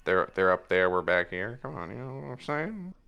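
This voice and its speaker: Man doing a pompous, flirtatious feline swashbuckler, low drawl, teasing. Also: very animated, normal speed, vocal fry, pushed and bright, smooth, highs cut off, heavily acted. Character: flirty smug male cat-folk rogue.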